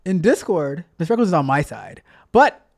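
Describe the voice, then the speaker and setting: A man's voice: high voice, lively intonation, moderate pace. A man hosting a casual tech livestream, chatting with viewers in a playful, repetitive, motivational way. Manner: playful, repeats himself a lot. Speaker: tech coach livestream host.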